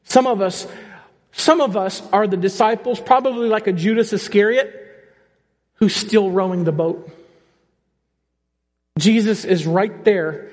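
A male pastor delivering an animated sermon, speaking straight to the congregation with frequent questions. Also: high voice, measured pace. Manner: animated preaching, rising and falling, direct questions to the congregation. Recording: long reverb of a church hall.

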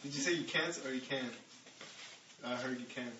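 Guy in the crowd asking a question, bright sharp voice, far off, dull sound. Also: mid-range voice, fairly quick. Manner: asks a clarifying question. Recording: distant and dull, away from the mic.

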